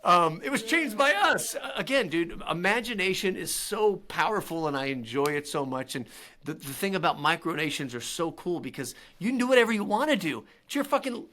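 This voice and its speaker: A man talking as a podcast guest, telling stories in an animated, excitable way with quick restarts. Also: high voice. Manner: animated, excitable storyteller with laughs and frequent restarts. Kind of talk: casual interview storytelling.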